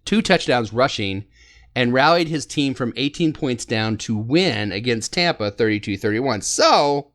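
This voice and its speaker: Male podcast host, mid pitch, chatty and laughing a lot as he tells sports stories. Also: unhurried. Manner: laughing, animated storytelling. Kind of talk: casual sports chat.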